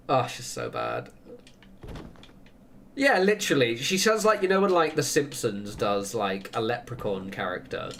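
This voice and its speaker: A man's voice: mid-range voice, wildly swooping pitch, measured pace, vocal fry, long pauses, fairly bright tone, a little hiss or hum. A man chatting casually while streaming a game, rambling through opinionated tangents and laughing often. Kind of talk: casual chat while gaming.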